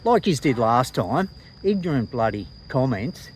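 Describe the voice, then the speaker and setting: A man's voice: mid-range voice, sing-song, normal speed, a little mellow, a little hiss or hum, low-quality recording. A man with an Australian accent chatting casually to camera in a vlog, blunt and slangy, swearing freely. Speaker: vlogger.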